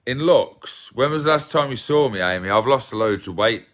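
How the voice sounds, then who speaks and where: A man's voice: mid-range voice, lively intonation, normal speed, a bit bright. A man, chatting casually on a livestream, rambling, swearing and reading viewer comments aloud. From England. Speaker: livestream host.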